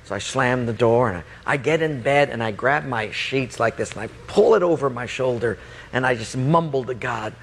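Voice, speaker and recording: A middle-aged man preaching a sermon as a lively story, acting out the voices and often laughing as he talks. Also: medium pitch, moderate pace, breathy edge.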